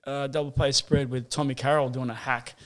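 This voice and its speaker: A man's voice: mid-range voice, level tone, fairly quick, slight background noise. A middle-aged Australian man, a surf photographer, rambling through stories in casual podcast chat, swearing constantly and laughing as he goes.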